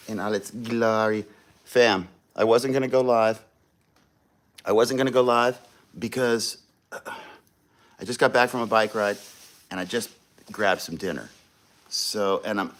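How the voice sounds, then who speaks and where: A man hosting a casual livestream, chatting to viewers in a laid-back, slangy way while eating. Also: fairly low pitch. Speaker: livestream host.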